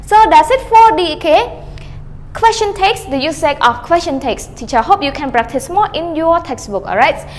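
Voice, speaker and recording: An expressive woman with a voice that sits high speaks at normal speed while teaching English grammar online, repeating "okay" and calling herself teacher as she models rising and falling question tags. A long reverb tail and slight background noise are audible.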